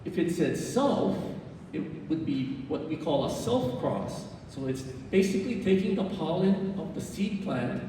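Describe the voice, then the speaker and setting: A man giving a club presentation, explaining things in an unhurried way with fillers and self-corrections. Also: lively intonation, mellow. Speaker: orchid society speaker. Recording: roomy hall, distant mic, faint rumble.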